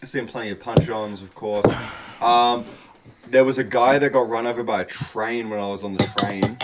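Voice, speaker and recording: A man co-hosting a casual podcast, speaking haltingly and flatly about grim events. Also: on the low side, over loud music. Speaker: podcast co-host. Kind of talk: casual chat.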